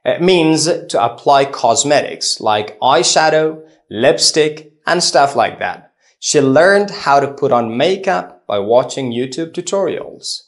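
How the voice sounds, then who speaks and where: A man teaching an English phrasal verb lesson, reading out explanations and lists of example sentences slowly and deliberately. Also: medium pitch, expressive. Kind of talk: scripted lesson narration.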